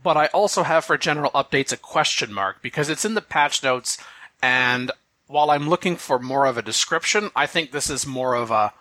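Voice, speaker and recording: Bright measured podcast host man. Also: medium pitch, expressive, dry recording. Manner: measured, reads out notes, wry. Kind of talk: casual game discussion.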